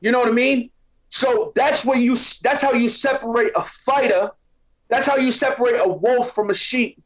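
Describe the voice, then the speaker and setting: A man's voice: very high-pitched, steady tone, moderate pace, low-quality recording. A middle-aged man with a Boston accent, a podcast guest talking in a streetwise, preachy way and often asking "you know what I mean?". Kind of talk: casual chat.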